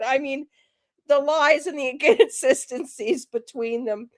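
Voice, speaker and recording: A woman's voice: high-pitched, measured pace, dry recording, studio quality. A woman hosting a true crime live stream, chatting to her viewers and giggling between remarks. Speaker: true crime livestream host.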